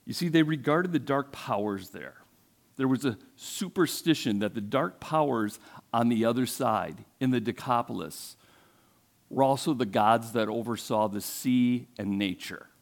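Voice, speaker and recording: A man's voice: mid-range voice, measured pace, gravelly. A male pastor preaching a sermon, retelling a story in a conversational way and asking the congregation questions.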